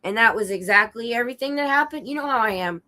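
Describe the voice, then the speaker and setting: A sick, hoarse woman chatting casually on her stream, telling an animated story and acting out quoted lines with a bit of swearing. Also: fairly high pitch, quick pace, rough recording. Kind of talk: casual chat. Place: home streaming setup.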